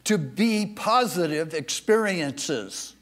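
A man preaching a sermon, speaking slowly and emphatically, with passages that drop to a soft, confessional tone. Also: a little high, lively intonation.

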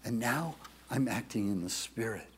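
A man preaching a sermon, speaking slowly and emphatically, with passages that drop to a soft, confessional tone. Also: mid-range voice, animated, breathy edge.

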